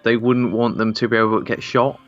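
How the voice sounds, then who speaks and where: A man's voice: mid-range voice, little pitch movement, fairly quick. A man co-hosting a casual gaming podcast, laid-back and easily laughing. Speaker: podcast co-host. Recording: dull lo-fi mic, faint music.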